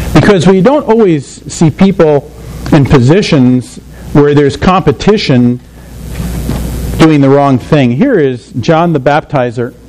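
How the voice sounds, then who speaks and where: A man's voice: on the high side, expressive, slow, pauses often, a little mellow, a little hiss or hum, poor audio. Conversational male preacher. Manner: conversational, asks the listeners questions. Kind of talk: sermon.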